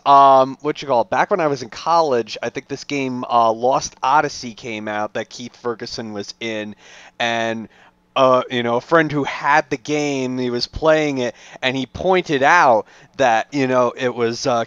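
A man's voice: mid-range voice, fairly even intonation, a little slow, fairly bright tone, smooth, no room sound. A man co-hosting a casual fan discussion podcast, rambling with lots of "uh" and "you know". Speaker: podcast co-host. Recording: dull, dry lo-fi mic.

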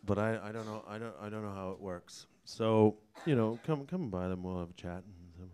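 A man's voice: lowish voice, brisk, warm tone. A man doing live stand-up comedy in a rambling, self-mocking way.

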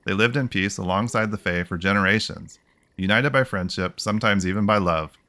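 Earnest young dryad girl, pleading, a bit raised and bright, man reading her lines. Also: on the low side, brisk. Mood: sorrowful.

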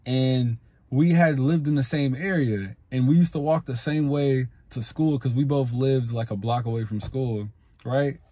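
A man's voice: mid-range voice, a little slow, warm tone. A young man giving blunt, profane, slangy advice on making friends in a casual vlog monologue. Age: young adult. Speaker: self-improvement vlogger.

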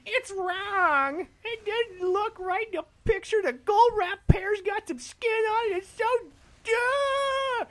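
A man voicing a shrill, irate male customer complaining on the phone with a screeching, whiny delivery. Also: slow pace, bright, forceful tone, full character voice. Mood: outraged.

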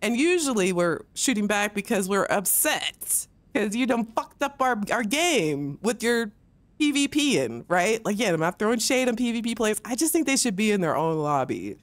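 Gaming on a livestream, a woman vents hotly into a close microphone, cursing a lot and frequently imitating people in mocking voices. She has a medium pitch, a very animated delivery and a moderate pace, with no room sound.

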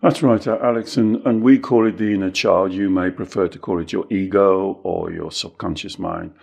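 A man talks through self-help ideas with real emphasis, often slipping into the voices of scared children and harsh inner critics. His voice sits at an ordinary pitch with a gravelly, creaky edge. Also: steady tone, moderate pace, darkish tone. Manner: emphatic, acts out inner voices, repeats himself. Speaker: teacher and podcast co-host. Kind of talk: animated self-help talk.

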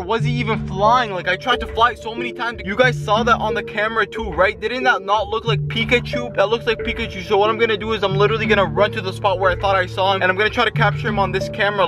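An excitable young man narrates his outdoor vlog in a slightly high voice, piling on slang and calling out to his viewers. Loud music plays underneath his voice. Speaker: vlogger. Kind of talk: casual vlog commentary. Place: outdoors in a field. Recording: music playing loudly underneath.

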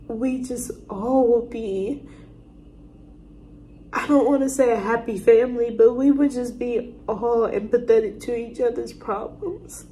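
A woman talking to her viewers in a casual reaction vlog, crying and halting, restarting her sentences as she speaks from the heart. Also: on the high side, dark tone, slight background noise, rough recording. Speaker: reaction vlogger. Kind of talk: emotional casual monologue to viewers.

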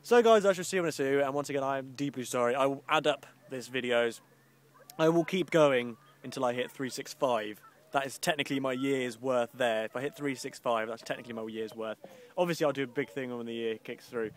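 A man's voice: mid-range voice, brisk. Rambling young man outdoors. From English Midlands. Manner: rambling, grumbling and sarcastic, with mock posh voices. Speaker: vlogger. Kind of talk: casual outdoor vlog. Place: outdoors by the coast.

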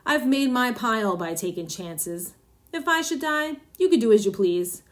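Brief: woman voicing ruthless middle-aged husband, gruff, smug, harsh storybook villain. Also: a little high, lively intonation, normal speed, close to an everyday voice. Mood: cold, smug.

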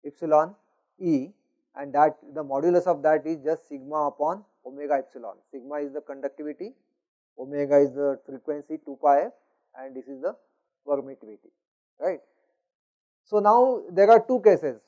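A man's voice: a little high, warm tone, dull audio. A male university lecturer, explaining engineering concepts in a recorded lecture, often checking in with "is it not?". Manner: explanatory, frequent "you know" and "is it not?".

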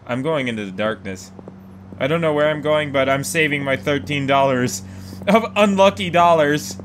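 A man giving excitable, swearing let's play commentary as a gaming YouTuber, laughing often. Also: fairly high pitch, normal speed, slight background noise. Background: game music.

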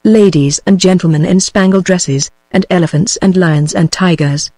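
British TTS woman reading a grave kindly gentleman. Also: lowish voice, moderate pace, no room sound. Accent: British English. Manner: flat synthetic delivery. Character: grave, kindly middle-aged man.

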